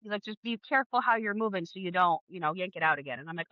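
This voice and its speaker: A woman in her thirties, a podcast guest, telling her birth story in a casual, animated way, acting out the people she quotes. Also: medium pitch, fast, no echo, highs cut off. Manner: animated, acts out quoted dialogue, laughs often.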